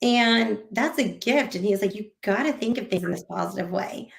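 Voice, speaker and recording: A woman in casual podcast conversation, her voice carrying a gravelly edge. She talks animatedly and slips into acted-out quotes of what people said. The recording sounds roomy, with noticeable echo. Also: medium pitch, moderate pace. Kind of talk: casual interview chat.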